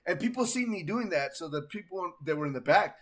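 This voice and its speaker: Joking man with a fairly high voice. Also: expressive, a little fast, a crowd in the background. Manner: loud, joking, swears often. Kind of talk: casual chat, storytelling.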